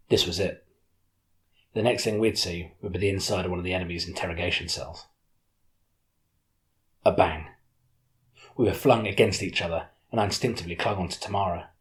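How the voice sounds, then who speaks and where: A man with a very deep voice narrating an adventure audiobook in the first person. His delivery is steady and even, carrying the story along. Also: moderate pace, pauses often.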